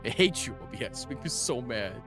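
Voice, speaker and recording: A man with a medium-pitched, very animated voice talks fairly quickly while live-streaming a game. He reads the game's second-person story text aloud, then breaks off to swear and joke with his chat. He uses a condenser mic on a boom arm, and game music plays underneath.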